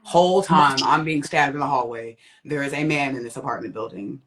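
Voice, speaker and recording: A young adult woman telling her personal testimony as a guest, acting out quoted voices. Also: brisk. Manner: vivid, acts out quoted voices with big pitch jumps. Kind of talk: personal storytelling.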